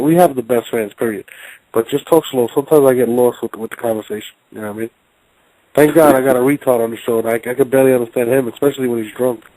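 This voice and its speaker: A man's voice: mid-range voice, mellow, no echo, poor audio. Man, call-in show host, casual, profane, rambling, repeats words, dry sound.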